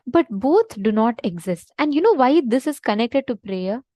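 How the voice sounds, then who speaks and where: Earnest high-voiced woman teaching devotion. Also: lively intonation, moderate pace, mellow, dry recording, studio quality. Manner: earnest, emphatic, repeats key points. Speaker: spiritual teacher.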